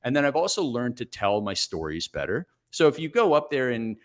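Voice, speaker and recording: A man in his forties, a coach guest on a podcast, telling stories in a brisk, energetic, self-reflective way. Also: medium pitch. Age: 40s. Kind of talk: podcast interview, storytelling.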